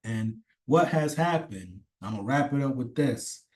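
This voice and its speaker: A man's voice: medium pitch, expressive, a little slow, darkish tone. A man ranting in a casual, rambling way, swearing often and stressing his points hard. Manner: rambling, profane, emphatic. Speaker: commentator. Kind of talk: casual opinion rant.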